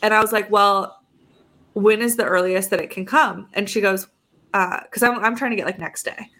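A woman's voice: mid-range voice, normal speed, a bit bright. A young adult woman co-hosting a podcast, telling a story in a casual chat and acting out both sides of phone calls. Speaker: podcast co-host.

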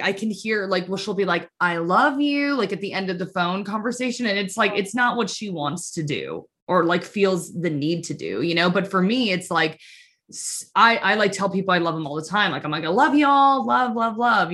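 A woman from the United States telling stories in an animated, chatty way, full of fillers, in casual conversation. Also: on the low side. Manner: chatty, animated storytelling full of "like" and "you know".

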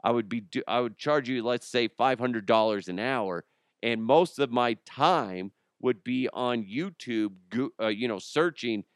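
A man hosting his solo podcast in loose, joking chatter that often pokes fun at himself. His voice is smooth and resonant. It sits close on a dry microphone with no room sound. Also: mid-range voice, measured pace, no room sound. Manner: joking, rambling, self-mocking. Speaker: podcast host. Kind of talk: casual solo podcast talk.

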